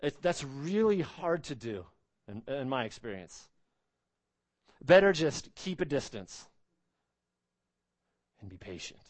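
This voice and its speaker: A man's voice: mid-range voice, sing-song, slow, long pauses. A man preaching an expository sermon, emphatic, repeating phrases and asking rhetorical questions.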